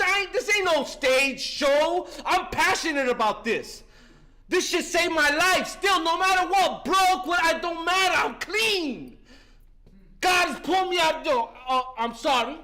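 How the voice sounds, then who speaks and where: This man's very high, sharp voice carries a passionate recovery testimony full of profanity. He's in his fifties, from New York, speaking at a recovery meeting and frequently cutting himself off with "listen" and "man."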